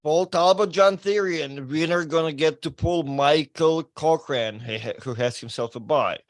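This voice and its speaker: High-voiced man breaking down a bracket. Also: no room sound. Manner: quick, laughing run-through of a bracket. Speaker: podcast guest, arm wrestler. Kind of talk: casual chat.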